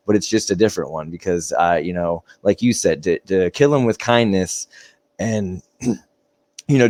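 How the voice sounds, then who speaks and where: A man's voice: on the low side, dry recording. A young American man talking earnestly in a casual interview, rambling with lots of fillers. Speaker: guest, slap fighting competitor.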